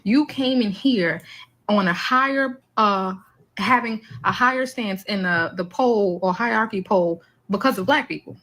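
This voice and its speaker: A woman's voice: mid-range voice, measured pace, a bit bright, poor audio. A woman giving an emphatic opinion monologue, making numbered points in blunt, profane slang. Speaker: commentator.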